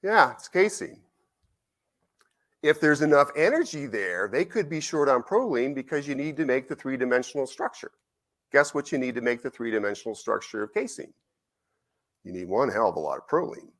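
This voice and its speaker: A man's voice: medium pitch, moderate pace. A middle-aged man, a university researcher, giving a conversational conference lecture with stories and frequent "right?" checks to the audience. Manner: animated, conversational, frequent "right?" tag questions. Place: conference symposium.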